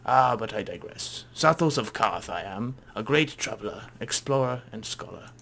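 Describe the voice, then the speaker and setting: A man's voice: on the low side, animated, normal speed, creaky, fairly bright tone, a little hiss or hum, voice pushed down. A man voicing a pompous, grandiloquent male scholar and explorer in an odd put-on voice. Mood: boastful.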